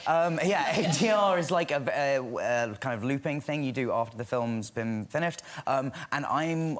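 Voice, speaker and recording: A young English man in his twenties, a talk show guest chatting in a self-deprecating way with many fillers. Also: mid-range voice. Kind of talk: casual chat.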